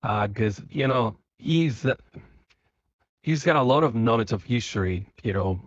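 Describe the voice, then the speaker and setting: A man's voice: medium pitch, expressive, a little slow, dry recording, lo-fi sound. A man from Spain talking to himself while driving home, rambling casually with lots of fillers and restarts. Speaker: vlogger. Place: car.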